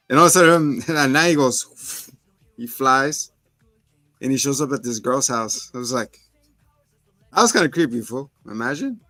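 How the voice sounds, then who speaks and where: A man in casual chat retells a film with lots of swing in his voice. He jumps into quick voices for the characters as he goes. The recording is dry and close, with faint music underneath. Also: medium pitch, dry recording. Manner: animated storytelling, puts on character voices. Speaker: podcast co-host. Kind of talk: casual movie review chat.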